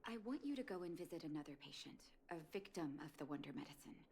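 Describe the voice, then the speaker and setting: A calm, low, measured woman. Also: gravelly.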